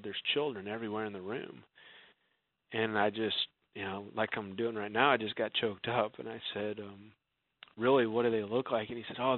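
A man guest telling an emotional personal story in an earnest way, his voice dropping soft when he quotes others. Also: on the low side, creaky, dry recording. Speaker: guest author. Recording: dry, phone-like narrow sound.

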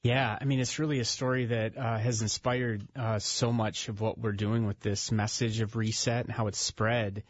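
A man's voice: lowish voice, level tone, normal speed, few pauses. A man speaking as a radio studio guest, telling a story in an earnest, conversational way with fillers. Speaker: author and ministry founder, studio guest. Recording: slightly dull, dry radio studio sound.

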